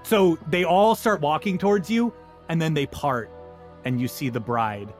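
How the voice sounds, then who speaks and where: A man narrating as game master of a comedy tabletop game, animated and joking. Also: a little high, faint music behind. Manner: animated, joking, quick asides.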